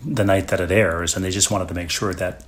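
A man's voice: sits low, steady tone, brisk, husky. A man in his fifties from Minnesota, co-hosting a podcast in casual chat, dropping dry wisecracks. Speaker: podcast co-host.

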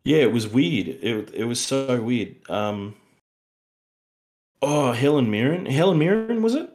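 A man's voice: mid-range voice, expressive, measured pace, a little mellow. A man with an Australian accent co-hosting a podcast, rambling through a casual film review, laughing and acting out lines from the film. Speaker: podcast co-host.

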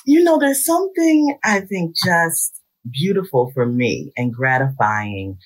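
A middle-aged woman, a psychologist guest on a radio talk show, speaking warmly and with enthusiasm. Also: low voice, a little slow, husky. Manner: warm, enthusiastic, expressive talker.

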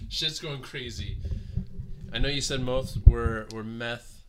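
A man's voice: medium pitch, measured pace, a bit bright. A man improvising an absurd comedic story on a podcast, laughing as he rambles. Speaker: podcast co-host.

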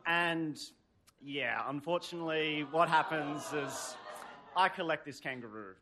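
A man's voice: on the high side, a little slow. A man telling a story live on stage, rambling with lots of "sort of" fillers and wry humor. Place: stage before a live audience.

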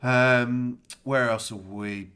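A man's voice: mid-range voice, fairly even intonation, slow pace, pushed and bright, smooth. A man co-hosting a casual podcast chat, dry and matter-of-fact. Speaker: podcast co-host.

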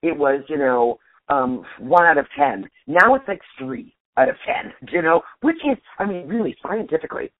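Husky woman on a phone line. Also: sits low, normal speed, hardly any pauses, no room sound. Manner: animated, restarts sentences. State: nearly losing her voice. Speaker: stand-up comedian guest. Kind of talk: casual interview chat. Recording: tinny dry phone line.

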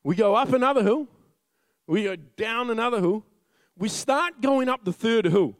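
A young man preaching a sermon as a funny story, lively and laughing often as he tells it. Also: high-pitched, moderate pace, dry recording.

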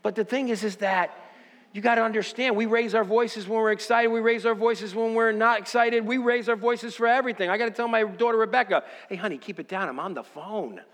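Man, pastor, sermon, high voice, rhetorical questions, long hall reverb. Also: fairly even intonation, a little fast. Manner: preaching with rising intensity, then quiet reflective storytelling.

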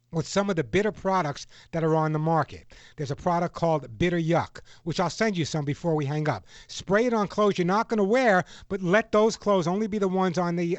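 Guy hosting pet call-in radio, kinda high voice, jokey, laughs a lot, dry studio sound. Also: no echo. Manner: jokey, laughs often, coaching the caller firmly. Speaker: radio pet show host.

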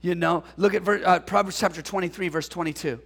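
High, gravelly-voiced preacher in a hall. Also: male voice, fast. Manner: animated, call-and-response preaching with jokes. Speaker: pastor. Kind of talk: sermon. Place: church sanctuary.

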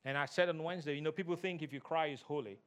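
A man preaching a sermon as pastor, animated, mimicking people and singing snatches of a hymn. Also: on the high side, racing, smooth. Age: adult.

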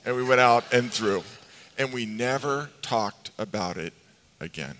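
A man's voice: mid-range voice, expressive, a little slow, a bit bright. A middle-aged male pastor preaching a sermon to his congregation, telling stories with humor and asking the people questions. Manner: conversational storytelling with humor, asks the congregation questions. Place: church sanctuary with congregation. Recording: long hall reverb.

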